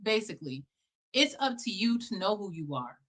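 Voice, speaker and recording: A woman hosting a reaction show, giving blunt, animated commentary with plenty of swearing. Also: mid-range voice, normal speed. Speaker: host reacting to clips.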